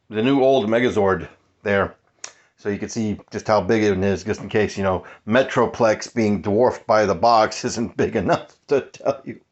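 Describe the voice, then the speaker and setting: A man casually unboxing a collectible toy in his cluttered apartment, rambling excitedly and chuckling, recorded on a handheld cellphone. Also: fairly low pitch, highs cut off.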